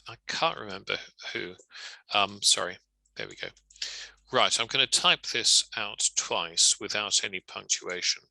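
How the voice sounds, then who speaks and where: Male legal trainer, gravelly and bright-edged, wry and measured, dry close sound. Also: sits low, no room sound, low-quality recording. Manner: measured, wry, conversational explaining. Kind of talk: recorded lecture.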